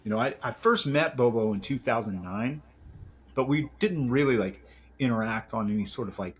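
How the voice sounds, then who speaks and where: A man's voice: fairly low pitch, breathy edge. A middle-aged man, a podcast guest, telling heartfelt stories in casual chat with lots of fillers. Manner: reflective and heartfelt, with many fillers.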